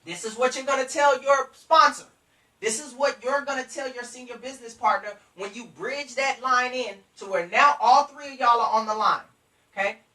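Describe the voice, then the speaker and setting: A bright, forceful coaching voice that drives each point home, repeating and speaking straight to the audience. The voice sits back from the mic, and the room around it rings with echo. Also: mid-range voice, normal speed, far from the mic. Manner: emphatic, repetitive, coaching directly to listeners. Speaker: business trainer. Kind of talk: motivational sales coaching.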